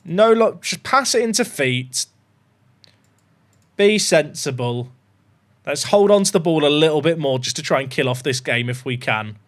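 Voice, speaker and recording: Young guy playing a football manager game, high voice, jumps all over the place, jokey and shouty. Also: normal speed. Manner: chatty, jokey, bursts into excited shouting at goals. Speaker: gaming YouTuber.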